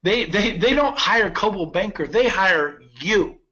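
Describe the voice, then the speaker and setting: A man in his fifties giving a persuasive sales pitch to real estate agents, telling stories with quoted dialogue. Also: expressive, measured pace, pushed and bright, lo-fi sound. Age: 50s.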